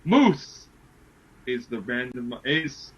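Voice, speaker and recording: A man co-hosting a casual podcast, making wrestling predictions and talking in excited, emphatic bursts that repeat words. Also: medium pitch, drawn-out words, husky, dull audio. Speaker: podcast co-host.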